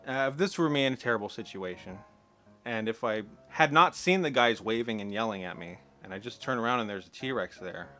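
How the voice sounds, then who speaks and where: A man's voice: mid-range voice, pushed and bright. A man ranting through a sarcastic, profane film commentary, exasperated and incredulous. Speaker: movie commentator.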